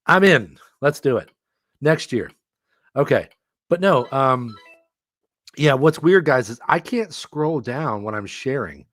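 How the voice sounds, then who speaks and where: An excitable middle-aged man commentates live for his viewers, laughing at his own mistakes. His pitch swings widely as he gets fired up. The sound is dry and close, with no room around it. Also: slow pace, long pauses, no room sound. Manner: excitable, self-mocking, laughs often. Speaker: livestream host commentating a fantasy football auction.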